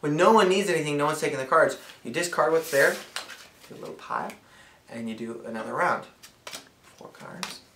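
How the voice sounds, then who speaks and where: A man's voice: fairly high pitch, animated, brisk, sharp tone, a little hiss or hum. A man casually explaining the rules of a card game, playful and rambling, with lots of fillers. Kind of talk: casual demonstration. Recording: roomy echo.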